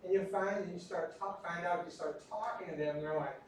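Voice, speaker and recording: Middle-aged male instructor, chatty classroom lecture, fairly high voice, very echoey room, distant mic. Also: fairly quick, few pauses, a little hiss or hum. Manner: chatty, joking asides. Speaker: anatomy instructor. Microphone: recorded from a distance.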